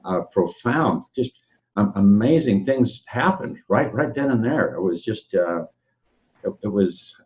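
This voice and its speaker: Deep voiced guy, lots of uhs, stops and restarts, muffled lo-fi sound. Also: lively intonation, a little mellow. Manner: halting, many fillers and repeats. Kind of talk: casual conversation. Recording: dull lo-fi sound.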